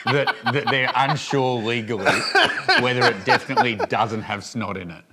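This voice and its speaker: Teasing Australian host, noisy kitchen. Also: male voice, mid-range voice. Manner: teasing, crude, quick-witted. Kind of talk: casual comedic chat. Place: kitchen, cutting onions.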